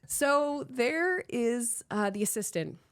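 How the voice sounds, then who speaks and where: A woman podcast host from Miami telling a candid anecdote, rambling and animated, full of "like" and restarts, blunt and profane. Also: fairly high pitch, takes it slowly, clean tone. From Miami, Florida.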